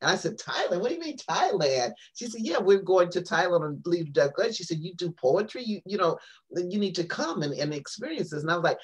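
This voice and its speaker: Husky woman guest rambling through a story, voice going up and down a lot. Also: on the low side, brisk. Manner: animated, rambling with many fillers and restarts. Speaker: guest, poet and author. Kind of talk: casual storytelling in an interview.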